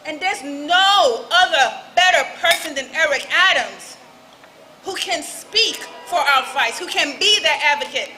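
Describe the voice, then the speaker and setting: A woman's voice: high voice, lively intonation, measured pace, sharp tone, a little hiss or hum, low-quality recording. A woman giving a rousing political speech at an outdoor street rally, calling out to the crowd. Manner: rousing call-and-response with the crowd.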